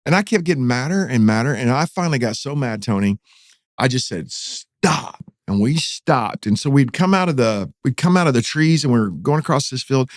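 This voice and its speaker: A middle-aged pastor with a Texan accent tells a story on a podcast. His delivery is dramatic and his pitch swings widely. The sound is close and dry. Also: fairly quick, no room sound. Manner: animated, dramatic retelling with rising excitement. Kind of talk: casual storytelling in a podcast interview.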